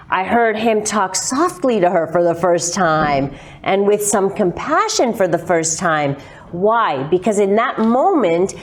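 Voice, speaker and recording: A woman therapist talking through relationship cases in conversation, explaining in quick animated bursts. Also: fairly low pitch. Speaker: sex therapist, guest. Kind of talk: conversational discussion.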